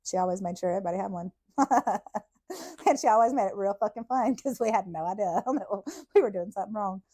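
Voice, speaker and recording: Here a woman with a medium-pitched voice, talking a little quickly, spins a laid-back tale as a podcast host. Her delivery is profane, full of laughter and lively.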